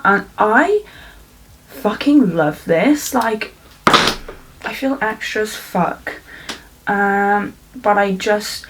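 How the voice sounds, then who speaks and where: A woman's voice: medium pitch, a bit bright, a little hiss or hum, rough recording. Chatty, sweary young woman vlogger. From South Wales. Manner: chatty, rambling, swears freely. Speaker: beauty vlogger. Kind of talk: casual makeup tutorial chat. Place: home, indoors.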